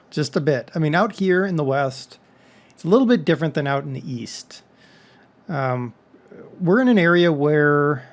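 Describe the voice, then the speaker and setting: Rambling, slightly high-voiced man vlogging. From Texas. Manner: rambling, conversational, with joking asides. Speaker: vlog host. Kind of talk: casual monologue.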